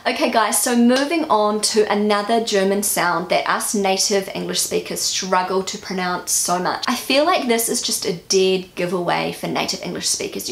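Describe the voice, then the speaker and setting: Female vlogger with a New Zealand accent, casual and self-critical, with some vocal fry and an echoey room. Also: medium pitch. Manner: self-critical, repeats words aloud after the app. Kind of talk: casual language-learning vlog.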